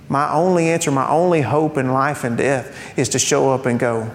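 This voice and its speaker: A man's voice: steady tone, moderate pace, few pauses. A man preaching a sermon to a congregation, talking in a conversational way with rhetorical questions and light humorous asides. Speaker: pastor. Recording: reverberant hall with faint rumble.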